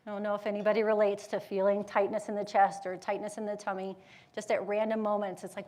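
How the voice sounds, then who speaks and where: A live audience hears a motivational talk from a woman speaking at medium pitch, lively and conversational as she asks the room questions. An adult mother of school-age children and a yoga educator, she acts out inner voices animatedly with brief, quick quotes.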